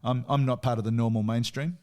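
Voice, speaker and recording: A man's voice: medium pitch, steady tone, fast talker, darkish tone, clean tone. A man co-hosting a casual music podcast, chatty and storytelling, with asides and laughs. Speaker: podcast co-host.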